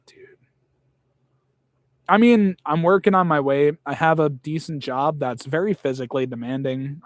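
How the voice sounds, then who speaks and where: A man's voice: a little high, dry recording, clean studio sound. A young man in casual chat, blunt and rambling, swearing often.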